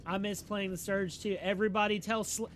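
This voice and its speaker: A man chatting casually with his live-stream audience while playing a game, relaxed and slangy, and sleepy. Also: high voice, a little fast, a little hiss or hum. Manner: relaxed and slangy, talking to chat. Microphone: streaming microphone.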